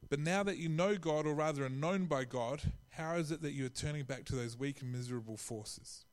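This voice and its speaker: Male preacher, slightly high voice, casual sermon delivery. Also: brisk. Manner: conversational, with frequent restarts and acted-out quotes.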